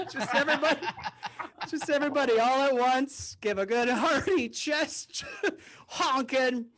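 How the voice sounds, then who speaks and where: A man's voice: very high voice, measured pace, fairly bright tone. A male comedian doing a rambling stand-up set over a video call, often chuckling at his own jokes.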